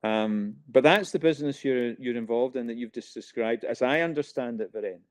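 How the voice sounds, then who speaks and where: A man with a Scottish accent hosting a podcast, asking gentle questions in a conversational interview. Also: medium pitch, fairly quick. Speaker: podcast co-host.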